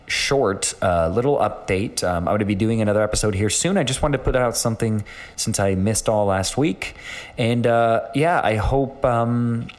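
A man hosting his own podcast, talking casually in a rambling way with many fillers and restarts. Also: medium pitch. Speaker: podcast host. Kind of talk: casual solo podcast chat.

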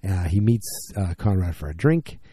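Tired deep-voiced man recapping an episode. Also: animated, mellow. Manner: rambling, acts out characters' lines in quick bursts. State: tired, yawning. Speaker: podcast host recapping a TV episode. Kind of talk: casual recap.

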